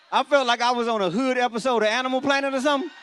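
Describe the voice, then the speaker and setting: A man, doing a stand-up comedy set on a church stage before a live audience, telling stories in an animated, punchy way with sudden loud bursts. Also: extremely high pitch, a little fast, clean tone.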